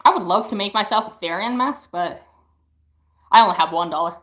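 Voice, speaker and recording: A young woman in her late teens chatting casually on a livestream, showing her craft work in a slow, hesitant way with lots of "um"s. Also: medium pitch, reverberant, dull audio. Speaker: livestreamer and fursuit maker.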